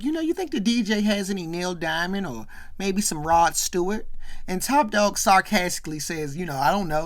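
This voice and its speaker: A woman hosting a show, casually recapping a sitcom episode, quoting the characters and filling her talk with "you know" and "right". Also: on the low side. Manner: retells scenes by quoting the characters' lines.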